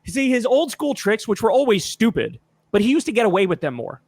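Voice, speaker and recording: A man's voice: sits high, sing-song, brisk, a little mellow, dry recording. A man hosting a reaction video, in mocking, profane casual commentary, laughing often.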